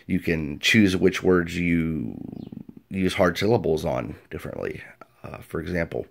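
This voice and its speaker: A man with a low, slightly slow, creaky voice hosts a casual video tutorial as a game master, explaining tabletop role-play. He's chatty and explanatory, dropping frequent fillers, and there's a slight hiss or hum in the audio.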